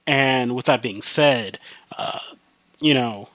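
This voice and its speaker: A man's voice: mid-range voice, slow pace, fairly bright tone, no echo. A man from the US Midwest with a slight country accent, rambling casually and swearing often on his own podcast. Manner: rambling, profane, many fillers. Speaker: podcast host.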